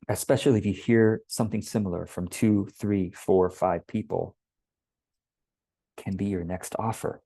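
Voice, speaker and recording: A man, a business coach, teaching a workshop in a relaxed conversational way and acting out quoted voices. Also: fairly low pitch, no echo.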